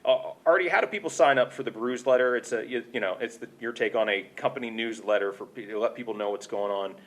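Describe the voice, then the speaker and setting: A man's voice: mid-range voice, fast talker, a bit bright. Male podcast host, casual and jokey, chatty, plenty of fillers. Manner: joking, chatty, many fillers. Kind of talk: casual chat.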